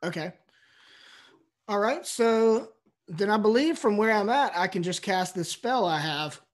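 High-voiced eager man reading rules. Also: measured pace. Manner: eager, reads rules aloud with excitement. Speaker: player. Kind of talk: playing a tabletop game over a call.

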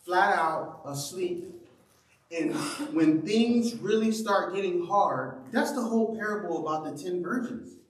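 A man preaching a sermon and telling a lively personal story, often laughing and acting out what people said. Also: high voice, a little slow, a little hiss or hum. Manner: animated, laughing storyteller who acts out quotes. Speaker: pastor. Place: church sanctuary. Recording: roomy echo from a distant mic.

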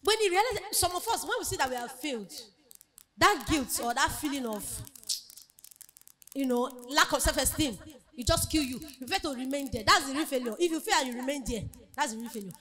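A woman speaking at a women's conference preaches an emphatic, motivational sermon in a high, fairly bright voice. She's animated and talks a little fast, acting out the voices of the people in her stories.

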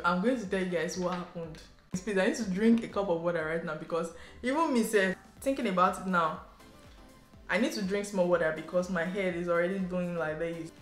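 Chatty Nigerian woman vlogger, roomy echo. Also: on the low side. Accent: Nigerian English. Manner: chatty and animated, with laughs and local slang. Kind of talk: casual storytelling to camera. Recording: roomy echo, faint background music.

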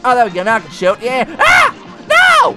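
A man voicing an excitable male cat, commenting on a game, yelping and talking back to the bosses. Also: high-pitched, racing, shouting, over loud music, lightly acted. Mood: excited. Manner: yelps and screams, talks to the bosses. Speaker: let's play gamer.

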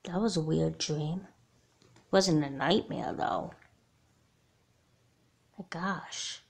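A blunt, guarded young girl doll in a homemade doll movie, voiced by a woman. She speaks earnestly in a lowish voice. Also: slow pace, gravelly, a little mellow, exaggerated voice. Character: wary, stubborn young girl doll haunted by nightmares.

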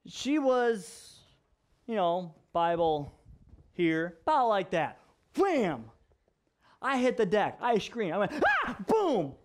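A young adult man, a pastor, telling stories in an animated sermon that moves from hushed to loud. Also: high-pitched, slow pace, slight background noise. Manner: animated storyteller, swings from hushed to loud and laughing. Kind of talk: storytelling sermon.

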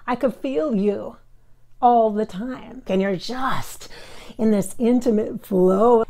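A woman's voice: fairly high pitch, fairly even intonation, measured pace, dry recording. Giggly gushing woman, dry close sound. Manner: giggly, breathy and gushing, many fillers. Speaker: psychic medium vlogger. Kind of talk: gushing casual talk to camera.

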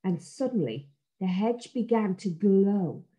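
A woman's voice: medium pitch, lively intonation, measured pace, dark tone. Woman reading a children's story.

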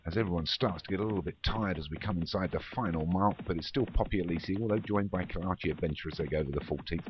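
A man calling a horse race for an online game league, running through the field horse by horse. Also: deep voice. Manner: rapid running race call, names horses in order. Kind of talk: live race commentary. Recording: muffled with steady background noise.

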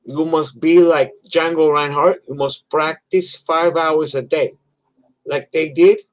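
A man's voice: fairly high pitch, steady tone, slow, pitched above the performer's own voice, low-quality recording. A man voicing his stern older immigrant father, speaking in broken English. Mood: earnest urging.

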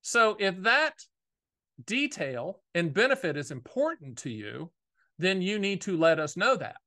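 A man, hosting a casual video monologue about annuities, talking fast in a folksy, emphatic way. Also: high voice, sing-song, sharp tone. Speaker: annuity agent and show host.

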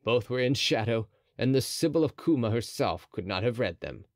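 Expressive male audiobook narrator. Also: medium pitch, moderate pace, hardly any pauses, no echo, studio quality. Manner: expressive storytelling. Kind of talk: scripted narration.

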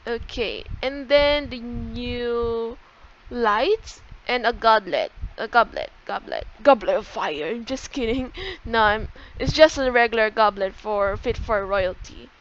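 This gaming YouTuber, a young woman with a high voice, takes it slowly as she chats excitably through a game tour, frequently stopping to correct herself. Her recording is dull and lo-fi, as if from a cheap home mic, with slight background noise.

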